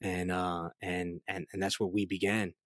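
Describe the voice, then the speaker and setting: A man in his late thirties speaks with a somewhat low voice, recorded dry and close in a studio. He tells his story in a chatty, rambling way, leaning on fillers and acting out what people said. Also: normal speed, no room sound. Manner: chatty, many fillers, lively quoted dialogue. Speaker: guest giving testimony. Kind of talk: casual storytelling interview.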